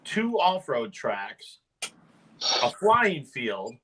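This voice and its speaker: A man's voice: mid-range voice, big pitch swings, very slow, a bit bright, husky, rough recording. A man chatting casually with friends, enthusiastic and laughing as he talks. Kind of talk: casual chat.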